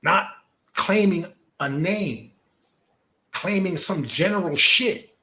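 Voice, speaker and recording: A man's voice: sits high, takes it slowly, sharp tone. A man giving a heated, profane commentary rant, confrontational and argumentative as he rebuts an online opponent.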